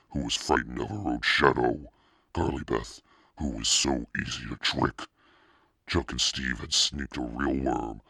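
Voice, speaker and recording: Super deep gravelly guy reading a kids book, bit husky, dry close sound. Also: a bit bright, dry recording. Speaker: audiobook reader. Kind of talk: storybook narration.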